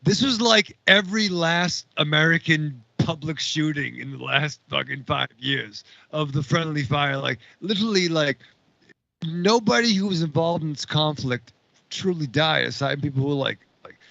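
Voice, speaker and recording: A man's voice: a little high, normal speed, gravelly, sharp tone, dry recording, lo-fi sound. A man in a casual movie podcast, trading sarcastic, profane banter.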